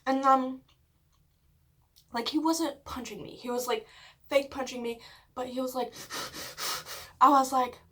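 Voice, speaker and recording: A woman vlogger telling a story casually while eating, chatty and full of "like", swearing often and dropping into hushed whispers at dramatic moments. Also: sits high, fairly even intonation, moderate pace, pauses often. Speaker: mukbang vlogger.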